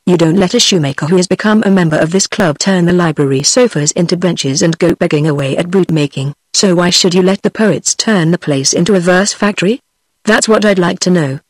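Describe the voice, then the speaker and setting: A text-to-speech woman's voice with a British accent reading the lines of an indignant, scholarly old male sage in a plain, even delivery. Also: fairly low pitch, fairly quick, no room sound, natural voice. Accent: British English.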